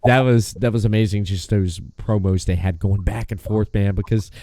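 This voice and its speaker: A man's voice: on the low side, steady tone, moderate pace, very noisy. A man hosting a podcast, chatting casually and enthusiastically, often restarting his sentences and swearing now and then. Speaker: podcast host.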